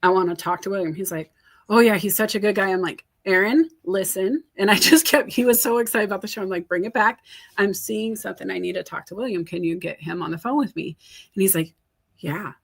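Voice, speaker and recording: A woman hosting a casual chat as a coach, telling stories in a candid, animated way. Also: medium pitch, a little fast, gravelly, breathy edge. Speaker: host and coach.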